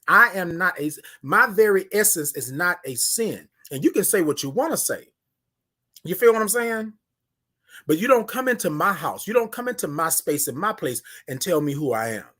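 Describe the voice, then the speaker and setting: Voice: mid-range voice, fairly bright tone. An emphatic motivational host talks straight to a livestream audience, with a mid-range voice that rises and falls with lots of life. The delivery is preachy and repetitive, and the host greets viewers by name between points. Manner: emphatic and preachy, repeats key phrases. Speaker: livestream morning show host.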